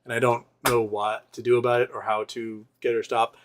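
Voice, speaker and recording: A man's voice: mid-range voice, brisk, a little hiss or hum. A male host rambling through a personal story in casual talk, often acting out what other people said. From Seattle area. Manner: rambling, animated retelling with quoted voices.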